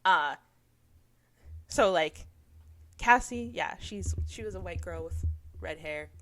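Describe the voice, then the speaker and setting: A woman co-hosts a casual book chat, speaking bluntly and swearing without a second thought. Her voice sits somewhat low for a woman. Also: takes it slowly, a bit bright. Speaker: podcast co-host.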